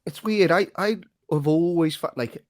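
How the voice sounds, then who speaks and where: A man hosting a football podcast, steering the talk with lively questions and hesitant fillers. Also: fairly high pitch, moderate pace, no room sound. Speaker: podcast host. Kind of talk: casual football chat.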